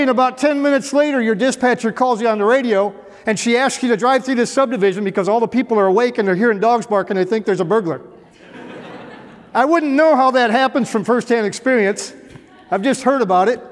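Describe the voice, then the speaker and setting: A middle-aged man, a former police officer, telling humorous stories to an audience in a folksy way with dry, self-mocking humor. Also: extremely high pitch. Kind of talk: humorous storytelling talk to an audience. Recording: echoey hall reverb.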